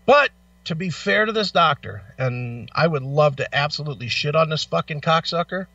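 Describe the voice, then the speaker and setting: A man with a bright, tense, slightly high voice swears his way through a story in animated casual chat, in back pain. The sound is dry but dull and lo-fi, as if he sits some way off the mic. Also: moderate pace, no room sound, distant mic. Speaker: radio show co-host.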